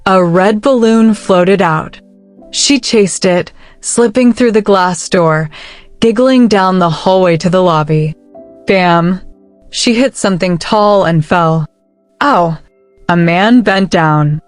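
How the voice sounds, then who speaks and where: Slow-paced woman narrating a story. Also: on the low side, no echo, faint music behind.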